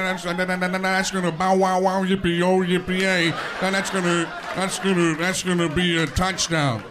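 A man impersonating a rambling football commentator, stammering, repeating, loud, live stand-up with hiss. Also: high voice, natural voice.

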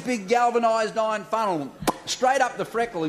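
A man with a strikingly high voice, spinning a rambling comic story and chuckling as he goes. It is recorded at a live show, with an audience and background noise behind him. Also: moderate pace, a crowd in the background. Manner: rambling, chuckling between lines. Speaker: comedic storyteller and performer.

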